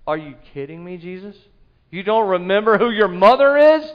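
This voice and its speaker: A man preaching a sermon, telling the story with animated delivery and acting out the quoted voices. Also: high-pitched, normal speed, muffled recording. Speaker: pastor.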